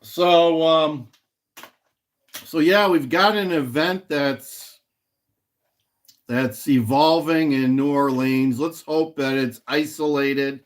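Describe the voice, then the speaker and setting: A man's voice: a little high, slow pace, pauses often. A middle-aged man hosting a casual livestream at home, rambling, repeating himself and chatting with viewers as he reads their comments. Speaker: livestream host. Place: home in Illinois.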